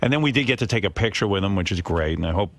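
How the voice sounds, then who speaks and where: A middle-aged man with a fairly low voice, hosting a radio talk show. He tells a self-deprecating, profane story and slips into quick impressions of the people he quotes. The sound is dry and close, like a studio broadcast mic. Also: lively intonation, fairly bright tone, no room sound. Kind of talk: casual talk radio chat.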